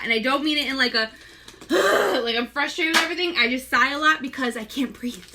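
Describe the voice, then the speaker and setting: Young woman, pregnant and out of breath, casual live makeup tutorial, high bright voice, chatty with viewers. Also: a little hiss or hum. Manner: chatty, greets viewers by name while working. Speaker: makeup seller and live-stream host.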